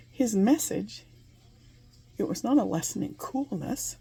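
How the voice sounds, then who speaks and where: A woman's voice: mid-range voice, lively intonation, unhurried, creaky, long pauses, warm tone, slightly rough. A woman giving an earnest, conversational Bible lesson, asking her listeners questions and laughing between points. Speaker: Bible teacher.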